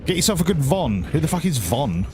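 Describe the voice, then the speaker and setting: A man's voice: fairly high pitch, big pitch swings, brisk, a little mellow, faint music behind. A man chatting casually while streaming a driving game, rambling and swearing freely. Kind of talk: casual live-stream chat.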